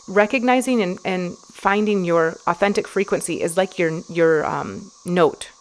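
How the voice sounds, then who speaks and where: Woman podcast host, low gravelly voice, chatty rambling solo delivery. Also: unhurried. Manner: rambling, chatty, many fillers and restarts. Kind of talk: casual solo podcast talk.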